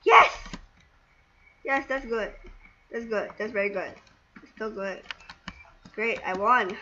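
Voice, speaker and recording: A woman commenting while she plays a video game, muttering to herself and breaking into panicky, excitable outbursts. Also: mid-range voice, slow pace, pauses often. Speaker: gaming video creator. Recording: dull lo-fi recording with faint noise.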